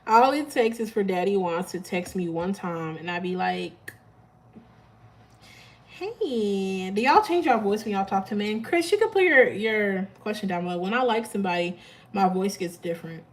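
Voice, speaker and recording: A woman's voice: medium pitch, lively intonation, fairly quick, rough recording. A woman hosting a live tarot stream, chatting casually with her viewers and laughing often.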